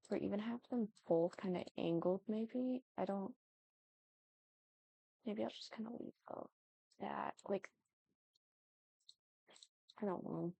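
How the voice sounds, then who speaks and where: A young woman with a mid-range, gravelly, dark-toned voice plays a life-sim game, recorded with no room sound. A Sims building YouTuber, she chats casually while building, thinks aloud, and apologizes often.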